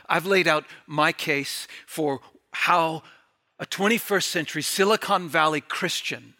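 Zealous man preaching, bright tone. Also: fairly high pitch. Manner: zealous, emphatic preaching with varied pace. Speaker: pastor. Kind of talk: sermon.

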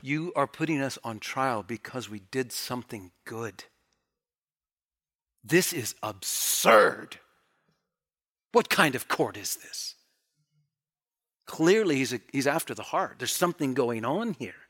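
A male preacher delivering a lively sermon. His voice leaps high and loud in excited bursts, then sinks to near-whispered lows for emphasis. He acts out quoted lines with a teasing, taunting edge. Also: slow pace, pauses often. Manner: animated, swings from loud bursts to hushed lows.

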